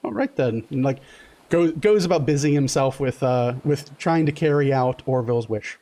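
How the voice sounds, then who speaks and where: A man running a tabletop game as game master, narrating in a loose, halting way full of fillers. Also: mid-range voice, warm tone.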